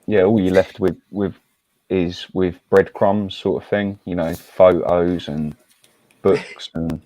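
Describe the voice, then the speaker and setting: A man from Britain chatting casually in a relaxed, agreeable way. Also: low voice, slow pace, low-quality recording. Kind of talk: casual chat.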